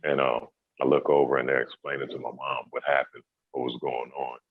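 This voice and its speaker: Very deep husky man on a phone line. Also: fairly quick, no room sound. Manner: relaxed, laid-back, many "you know"s. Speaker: former basketball player telling a story. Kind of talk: casual storytelling in an interview.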